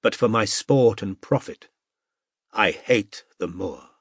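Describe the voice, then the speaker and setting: A man's voice: fairly low pitch, takes it slowly, slightly rough, no echo, clean studio sound, heavily acted. A man voicing an eager, affable young man with a pleasant tenor voice in an audiobook. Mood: declaiming.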